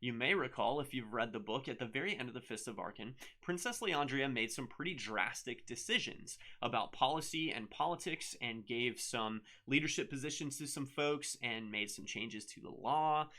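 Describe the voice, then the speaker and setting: Upbeat rambling male host, gravelly bright voice. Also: medium pitch, animated, moderate pace, few pauses. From United States. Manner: rambling, upbeat, many fillers. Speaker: show host and author. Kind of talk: casual live-stream chat.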